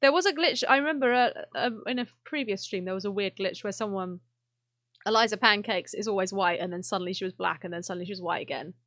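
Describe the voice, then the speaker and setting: A woman's voice: mid-range voice, fast talker, a bit bright, no room sound, studio quality. A young woman chatting and exclaiming through a live game stream, laughing often. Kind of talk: casual live gameplay commentary.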